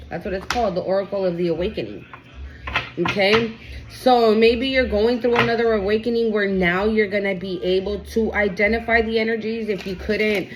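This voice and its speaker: Over a noisy background, a woman with a mid-range voice does a casual, profane tarot card reading, constantly asking "okay?" as she goes.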